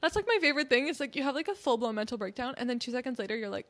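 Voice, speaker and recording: A young woman in her early twenties co-hosts a casual podcast, her voice set a little high. She rambles through her thoughts with plenty of fillers. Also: animated, racing, a bit bright. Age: early 20s. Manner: rambling, filler-heavy, laughs often. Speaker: podcast co-host. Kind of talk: casual chat.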